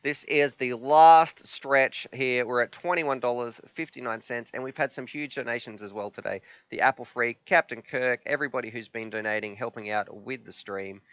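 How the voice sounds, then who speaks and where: A man hosting a live stream, chatting casually and reading chat messages aloud, sometimes halting with emotion. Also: medium pitch, a bit bright, smooth, dry recording. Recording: slightly dull, dry sound.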